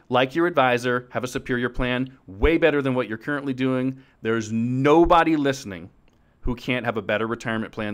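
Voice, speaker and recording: A middle-aged man hosting a podcast about financial planning, energetic and jokey, swinging from loud outbursts to hushed asides. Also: mid-range voice. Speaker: podcast host, financial advisor.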